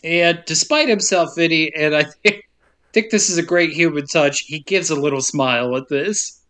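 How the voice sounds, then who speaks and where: A man's voice: a little high, normal speed, sharp tone. A man co-hosting a casual podcast, playfully recapping a film plot and acting out the characters' lines. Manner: playful storytelling, acts out quotes, swears. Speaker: podcast co-host. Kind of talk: casual movie recap chat.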